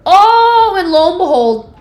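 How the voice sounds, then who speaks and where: Her voice is extremely high and sing-song, a little slow and a little mellow. As a podcast co-host in her twenties, she summarizes a book chattily, peppering it with "like" and exaggerated disgust.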